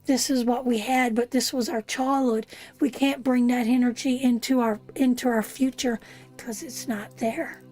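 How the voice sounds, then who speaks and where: A woman's voice: fairly high pitch, steady tone, normal speed, a little mellow, faint music behind. A woman from Canada giving an emotional live tarot reading, talking straight to her viewers in a heartfelt way. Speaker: tarot reader hosting a live stream.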